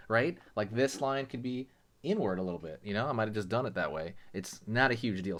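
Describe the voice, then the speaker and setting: A man with a fairly low voice walks viewers through a drawing step by step. He talks in a loose, chatty way, full of little fillers and quick asides. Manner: relaxed, chatty, many fillers like "you know" and "right". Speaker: drawing tutorial host. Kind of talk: casual drawing lesson narration.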